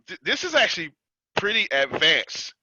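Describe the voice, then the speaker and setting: A man's voice: sits high, sing-song, normal speed, bright, forceful tone, muffled recording, a little hiss or hum. An American man hosting a business coaching call, chatting casually, teasing his group, laughing often and repeating himself for emphasis. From United States. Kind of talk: casual teaching chat.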